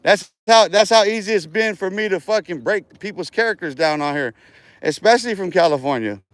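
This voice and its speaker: A man's voice: sits high, expressive, a little fast, no room sound. A man hosting his own livestream, rambling and taunting his viewers in a profane rant, often breaking into laughter. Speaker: livestream host.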